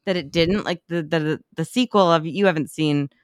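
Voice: mid-range voice, moderate pace, clear, resonant tone, dry recording, studio quality. A podcast co-host in casual movie chat, talking in a chatty way, swearing often and using lots of "like" fillers.

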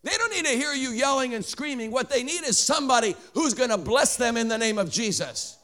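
High-voiced man preaching a story sermon. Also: brisk. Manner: animated, joking asides, many "I mean" restarts. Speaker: traveling preacher.

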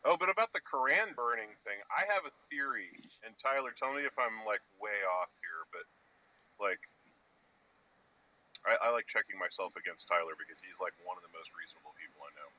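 A man co-hosting a podcast, bantering in a lively, joking way. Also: fairly low pitch, a little fast, poor audio. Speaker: co-host. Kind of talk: casual banter.

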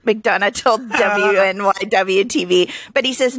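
Brief: young woman co-host, bright voice pitched a bit high, dry close sound, giggly chatter. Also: normal speed, few pauses, dry recording. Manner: giggly and animated, laughs often. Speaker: podcast co-host. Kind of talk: casual chat, reading news stories aloud.

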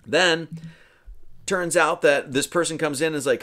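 A man's voice: fairly high pitch, a little slow, bright, forceful tone. A man giving a casual, rambling film commentary, full of "you know" and "right?".

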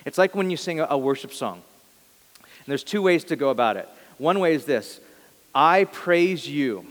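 A man's voice: on the high side, lively intonation, brisk, in a large hall. A male pastor giving a sermon, talking in an earnest, conversational way and often correcting himself mid-sentence.

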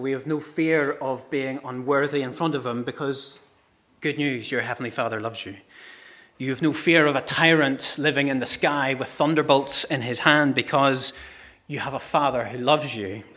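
A middle-aged man, a pastor preaching a sermon with passionate storytelling, moving from loud cries to hushed words. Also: mid-range voice.

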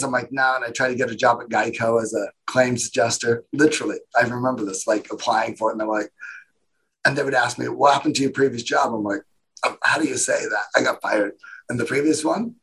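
A man, a guest in a casual interview, telling his story in a rambling, animated way and acting out what other people said. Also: medium pitch, brisk, slightly rough, poor audio. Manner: rambling, animated retelling with quoted voices.

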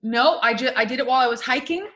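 Chatty woman podcast host, somewhat high voice. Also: quick pace, fairly bright tone. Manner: chatty, swears casually, laughs often. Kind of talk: casual chat.

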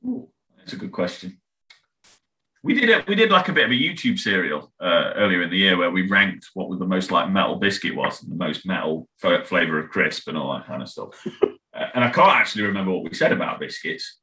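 Deep-voiced, animated young Englishman. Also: brisk. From England. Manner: rambling, laughing, swears freely. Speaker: band member guest. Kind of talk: casual podcast chat.

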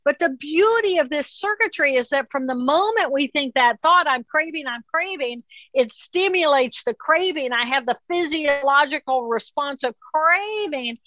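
A woman guest in an interview, explaining calmly and acting out inner voices in quotes. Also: sits high, moderate pace, hardly any pauses, no room sound, highs cut off. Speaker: author and neuroscientist guest. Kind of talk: interview conversation.

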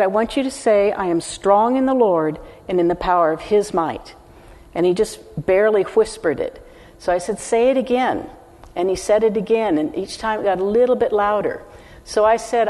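Speaking directly to the congregation, an elderly woman preaches a teaching sermon with earnest emphasis. Her mid-range female voice is a little mellow, trailed by the long reverb of the hall.

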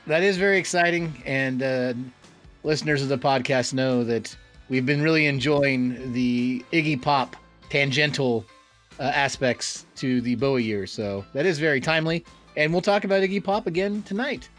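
A man's voice: medium pitch, moderate pace, a bit bright, soft background music. A man co-hosting a podcast in easygoing casual chat, with hesitant fillers. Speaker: podcast co-host.

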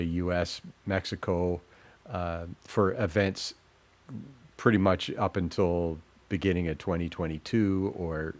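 A man co-hosting a casual chat about live events, relaxed and chatty with jokey asides. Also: sits low.

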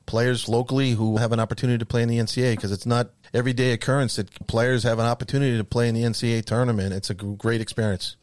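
Fast-talking man co-hosting a podcast. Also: medium pitch, dry recording. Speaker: podcast co-host. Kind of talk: casual podcast banter.

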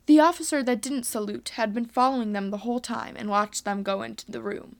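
A woman's voice: fairly high pitch, steady tone, a little fast. A woman earnestly reading a homemade space adventure story aloud.

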